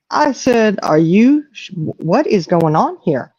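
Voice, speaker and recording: A woman's voice: mid-range voice, sing-song, slow, darkish tone, breathy edge, no room sound. An older woman, a grandmother, hosting a casual chat in a folksy way, often saying "you know". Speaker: host. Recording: dull lo-fi audio.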